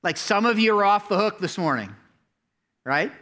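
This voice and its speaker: Animated pastor, bright tense voice. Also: male voice, high-pitched, normal speed. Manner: animated, rising to near-shouts when stressing a point; talks directly to the congregation, asks for hands and notes. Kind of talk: sermon. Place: church sanctuary before a congregation.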